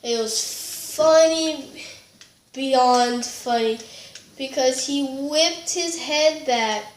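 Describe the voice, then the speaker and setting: A woman's voice: high-pitched, extremely slow, reverberant, a little hiss or hum. A woman telling a funny school story in casual chat, rambling and giggly with lots of fillers and restarts. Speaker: storytelling vlogger.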